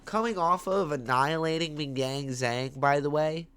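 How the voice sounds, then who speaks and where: Hosting his own MMA picks show from home, a man speaks at normal speed in a fairly high, clear, resonant voice. He gets hyped and slangy on camera, swinging widely in loudness, captured by a webcam or phone.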